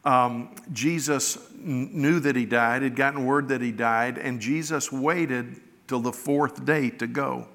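Bright-voiced preacher in a reverberant hall. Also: male voice, mid-range voice, fairly even intonation, measured pace, gravelly, few pauses. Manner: conversational storytelling, folksy and earnest. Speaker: pastor. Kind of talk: sermon. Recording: long reverb of a large hall.

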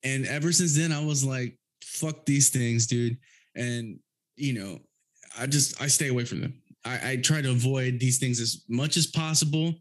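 A man's voice: medium pitch, moderate pace. A man guesting on a podcast, talking in a laid-back, casual way and swearing freely. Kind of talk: casual chat.

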